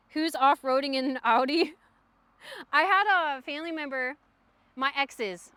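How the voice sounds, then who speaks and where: Young woman, casual storytelling, bright voice, dry, filler-heavy. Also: high-pitched, smooth, no echo. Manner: chatty, animated, frequent "like" fillers. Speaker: livestreamer.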